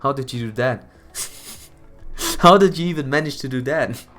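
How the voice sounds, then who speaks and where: A hoarse man streaming a game, chatting casually with his viewers in a laid-back way. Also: medium pitch, a little slow, a bit bright, soft background music. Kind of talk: casual live stream commentary.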